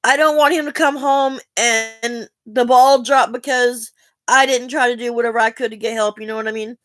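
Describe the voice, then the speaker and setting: A woman's voice: a little high, fairly even intonation, normal speed, no echo. A woman, talking earnestly and in a rambling, heartfelt way to her viewers, asking for help. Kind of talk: emotional personal talk to camera.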